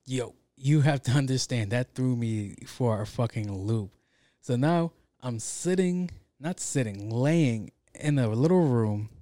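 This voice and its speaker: A young man hosting a podcast, telling a story in a casual, profane, animated way with lots of slang. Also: medium pitch, no echo, clean studio sound. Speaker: podcast host.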